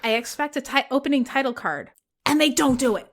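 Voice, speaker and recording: A woman co-hosts a podcast, chatting casually through a movie recap. She is animated and jokey, and she acts out her own reactions as she goes. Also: sits high, fairly quick. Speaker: podcast co-host.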